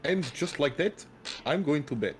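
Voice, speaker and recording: A man voicing a gruff, weary adventurer who grumbles his way to bed. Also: fairly high pitch, animated, normal speed, soft background music, natural voice. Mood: grumbling. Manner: grumbling, terse.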